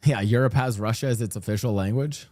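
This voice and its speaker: A man streaming and chatting casually about world politics, rambling and animated, often restarting his sentences and slipping into mock voices. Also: fairly low pitch, a little fast. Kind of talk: casual livestream chat. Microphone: streaming desk mic.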